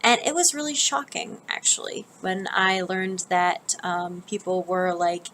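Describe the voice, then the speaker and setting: A woman's voice: lowish voice, expressive, measured pace, fairly bright tone, slight background noise, rough recording. A woman with a General American accent, from the northern United States, telling a rambling, casual story for her vlog with plenty of ums and restarts. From northern United States, near Canada. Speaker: vlogger.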